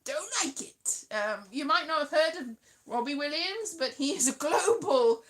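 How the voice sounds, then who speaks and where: British woman, 40s, stream host, bright and sharp tone, loose rambling chat. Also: high-pitched, expressive, unhurried. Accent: British English. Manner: rambling, chatty storytelling. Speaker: livestream host. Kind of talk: casual chat with live viewers.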